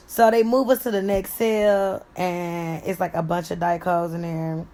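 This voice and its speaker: A woman's voice: on the low side, level tone, measured pace, hardly any pauses, dark tone. A young adult woman vlogger telling a casual story, blunt and profane, acting out what each person said. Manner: blunt and profane, acts out quoted lines.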